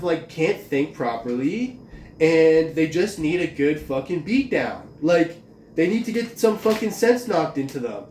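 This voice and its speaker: A man's voice: fairly high pitch, darkish tone, a little hiss or hum. A man in a profane, agitated, rambling rant, filling his talk with "like". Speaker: vlogger. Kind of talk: ranting monologue. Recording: roomy, distant from mic, faint ambience.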